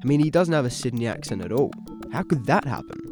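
A man's voice: mid-range voice, sing-song, quick pace, music in the background. A man co-host narrating a scripted audio feature in a curious, playful way.

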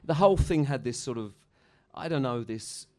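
A man's voice: medium pitch, animated, moderate pace. A middle-aged musician telling rambling, profane stories in a casual interview, laughing at his own anecdotes. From Australia. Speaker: musician guest.

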